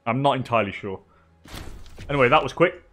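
An English man giving relaxed live commentary on a strategy game, chatting with viewers and laughing often. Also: mid-range voice, fast talker, slight background noise. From England. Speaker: streamer.

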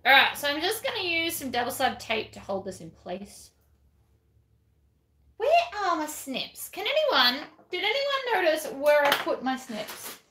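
A woman talks through a craft tutorial in a casual, self-deprecating way as she works. Her voice is bright and a touch high, and it rings in an echoey room. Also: big pitch swings, unhurried, a little hiss or hum. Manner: chatty and self-deprecating, talking while working.

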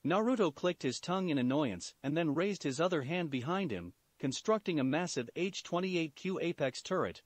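A man narrating a fan fiction story in an animated storytelling manner. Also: fairly high pitch, moderate pace, hardly any pauses, no echo. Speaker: story reader.

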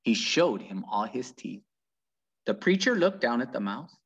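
Male reader, children's book read-aloud, husky, dull lo-fi recording. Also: medium pitch, a little slow. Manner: very lively, animated storytelling.

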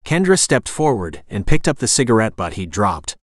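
Male audiobook narrator, animated pitch, dry close-mic sound. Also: moderate pace, no room sound. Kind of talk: scripted narration.

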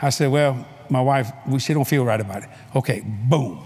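A male preacher telling a story in a sermon at a convention, animated and playful, laughing often and bursting into shouts. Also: mid-range voice, moderate pace, husky. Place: convention hall before a live audience.

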